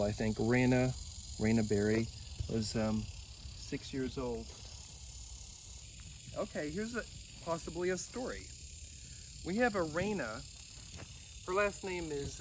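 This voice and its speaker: A man's voice: on the high side, noisy background. A man hosting a cemetery vlog, narrating a casual walking tour outdoors, enthusiastic and rambling with lots of fillers.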